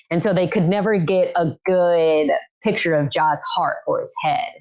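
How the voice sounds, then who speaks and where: A woman's voice: on the low side, normal speed, hardly any pauses, rough recording. A young woman guest in a casual podcast chat, telling a personal story and acting out what others said. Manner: animated storytelling, acts out quoted voices. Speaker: podcast guest, birth keeper. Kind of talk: casual conversation.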